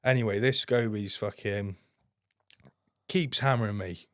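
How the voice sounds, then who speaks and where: Lower-voiced sweary man. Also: measured pace, fairly bright tone, no echo, studio quality. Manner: blunt, swears constantly. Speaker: podcast guest. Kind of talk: casual storytelling.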